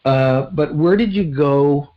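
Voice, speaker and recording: A man hosting a podcast, asking reflective questions in a measured way. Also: on the high side, dull audio. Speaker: podcast host. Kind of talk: podcast interview.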